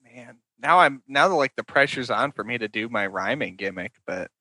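A man's voice: medium pitch, animated, moderate pace, bright, forceful tone, no room sound. A man on a podcast panel, joking around and improvising silly rhymes. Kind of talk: casual podcast banter.

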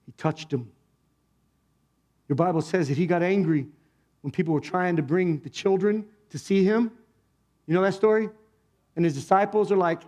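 High-voiced man preaching a lively sermon. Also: moderate pace, long pauses. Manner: animated, asks the congregation rhetorical questions. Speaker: pastor. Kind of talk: conversational sermon. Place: church, speaking to a congregation.

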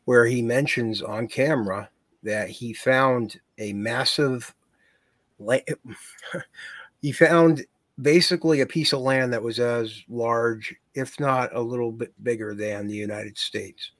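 A man's voice: mid-range voice, fairly even intonation, fairly bright tone, no echo. Man talking in a dry, close sound. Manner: measured, with fillers like "you know" and "uh". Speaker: podcast co-host. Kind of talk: casual conversational chat.

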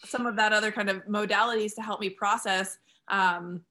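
A woman with a bright, clear voice hosts a podcast, chatty and affirming as she steers a casual conversation. She speaks in an easy, relaxed flow. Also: medium pitch, moderate pace. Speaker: podcast host.

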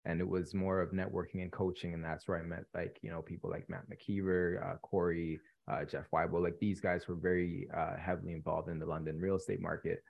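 A young man in his twenties from Canada, a guest telling his story in a relaxed interview with many ums. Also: low-pitched, a little fast, creaky, hardly any pauses, narrow, tinny audio. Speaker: podcast guest, real estate investor. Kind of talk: casual interview chat.

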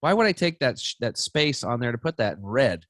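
A man in his forties, a podcast guest, chatting casually and telling stories with lively acted-out voices. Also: medium pitch, a little fast, no echo. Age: 40s. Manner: animated storytelling, acting out voices. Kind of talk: casual chat.

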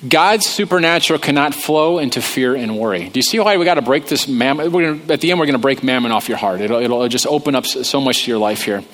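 A man's voice: mid-range voice, quick pace, few pauses, fairly bright tone. A man preaching a humorous sermon, talking conversationally and joking about himself. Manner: joking, conversational, self-deprecating. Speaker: pastor.

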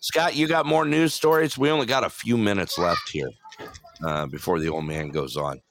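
A man's voice: on the low side, moderate pace, creaky, a bit bright, a little hiss or hum. A man co-hosting a casual group chat show, teasing the others and laughing often. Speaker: co-host.

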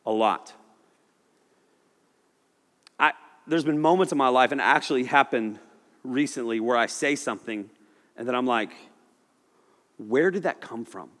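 A man preaching a sermon in a loose, animated, conversational way, often acting out voices. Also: medium pitch, normal speed, long pauses. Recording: echoey hall reverb.

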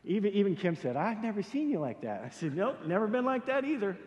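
Middle-aged pastor telling a funny story, voice jumps all over, big echoey hall. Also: male voice, high voice, quick pace. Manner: animated, self-deprecating storyteller acting out his own panic. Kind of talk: sermon storytelling. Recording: hall with long reverb.

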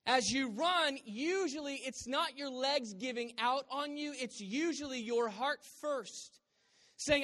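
High-voiced Southern pastor, joking sermon. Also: slow, bright, forceful tone. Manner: humorous, conversational, quizzing the congregation. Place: church hall with congregation.

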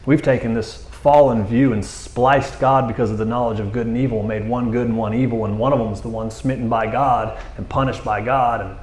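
A man delivers a conversational sermon, reading verses aloud and then reacting with animated, joking asides. His voice sits at a middle pitch. The sound carries a noticeable room echo. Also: fairly quick, hardly any pauses. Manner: animated, jokey asides, quotes scripture. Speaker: preacher.

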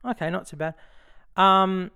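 A man's voice: high-pitched, a little slow, sharp tone, clean tone. A man co-hosting a casual podcast chat, asking teasing questions with a dry wit. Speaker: podcast co-host.

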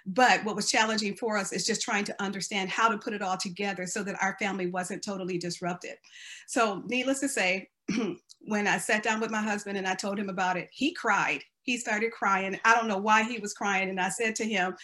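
A woman's voice: medium pitch, steady tone, a little fast, pushed and bright. Determined American woman telling her story. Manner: earnest, faith-filled, determined storytelling. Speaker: cancer survivor sharing her story. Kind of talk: personal testimony.

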